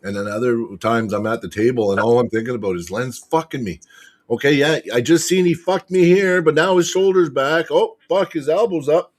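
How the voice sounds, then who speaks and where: A man telling a match story as a podcast guest, excitable and swearing constantly. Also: mid-range voice, brisk. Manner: excitable, profanity-heavy retelling. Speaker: podcast guest, arm wrestler. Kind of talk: casual storytelling chat.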